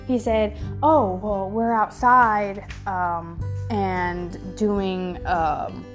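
A middle-aged woman telling a story in a casual vlog, animated and acting out her own shocked reactions, recorded on a phone. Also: medium pitch, drawn-out words, over music.

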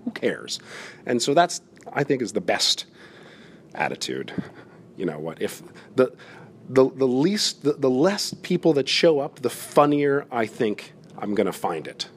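A man's voice: medium pitch, sing-song, a little slow, a little hiss or hum. A man hosting a comedy podcast, talking candidly and self-deprecatingly on his own from a gym's yoga room, swearing often. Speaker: podcast host. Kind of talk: casual confessional monologue.

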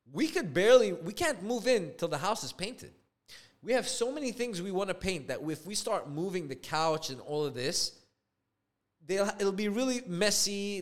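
Animated young man swearing through a story. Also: on the high side. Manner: animated, profane, acts out quoted dialogue. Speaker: podcast co-host. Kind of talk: casual storytelling.

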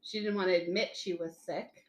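A woman's voice: lowish voice, fairly even intonation, fairly quick, echoey room. A woman co-hosting a podcast in casual chat, chatty and often laughing as she retells scenes. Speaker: podcast co-host.

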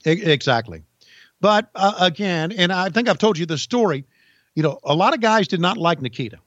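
A man with a slightly high voice tells folksy stories in a relaxed chat, often restarting his sentences. The sound is dry and a little dull, like a lo-fi podcast mic. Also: dry recording. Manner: folksy storyteller, halting restarts. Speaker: podcast co-host, former wrestling insider. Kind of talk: casual chat, storytelling.

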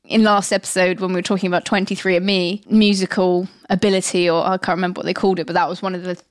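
A young woman co-hosting a podcast in casual chat, chatty and quick to laugh. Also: lowish voice, little pitch movement, no echo, clean studio sound. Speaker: podcast co-host.

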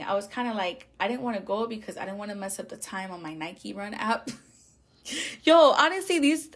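A woman hosts a podcast and tells a personal faith story in loose, chatty talk. She laughs often and fills her sentences with fillers and restarts, and her pitch sits in a middle range. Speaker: podcast host. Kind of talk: casual faith testimony.

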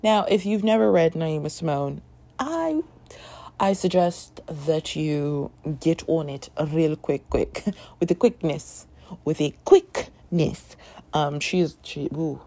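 A young woman chatting casually in a book review vlog, animated and given to swearing and laughing. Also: sits low, takes it slowly, gravelly.

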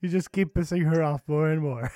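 A man's voice: a little high, brisk, warm tone, no room sound, studio quality. A man hosting a podcast, laughing a lot and asking short prompting questions in casual chat. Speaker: podcast host.

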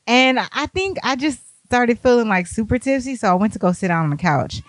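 A young woman telling a party story, animated and profane, acting out what people said. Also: fairly high pitch, fairly quick, no echo. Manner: animated, profane, acts out quotes. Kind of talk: casual storytime.

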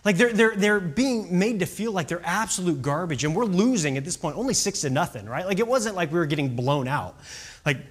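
Taking the role of a youth baseball coach, a man tells a story with a lesson, animated and conversational, checking in with his listeners often. His voice is high and his pace brisk.

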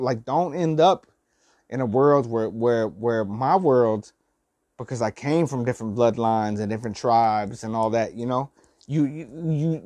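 A man's voice: mid-range voice, a little mellow, dry recording. An older man giving heartfelt, repetitive life advice to his listeners, swearing and using slang. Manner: heartfelt, preachy, repeats phrases, swears, slangy. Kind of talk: emotional motivational monologue.

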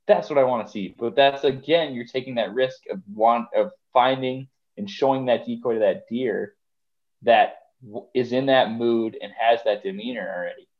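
This man speaks in a mid-range voice at normal speed, and the recording has its highs cut off. He's a deer hunter appearing as a guest on a podcast, rambling conversationally and filling his talk with fillers.

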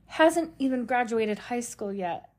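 A woman's voice: on the high side, expressive, unhurried. A woman in her forties co-hosting a podcast, telling stories in playful casual chat. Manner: playful, laughing, storytelling. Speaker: podcast co-host.

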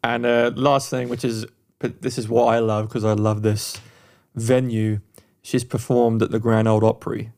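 A man's voice: medium pitch, flat delivery, moderate pace, gravelly, a little mellow. Male podcast co-host: enthusiastic, rambling reviewer, mid-range voice. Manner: enthusiastic, rambling, many restarts and fillers. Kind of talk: casual music review chat.

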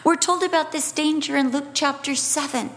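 A woman with a high voice preaching a sermon. She moves between emphatic declarations and quieter, drawn-out phrases, and drops in light humorous asides to the congregation. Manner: expressive, swings between emphatic and hushed delivery.

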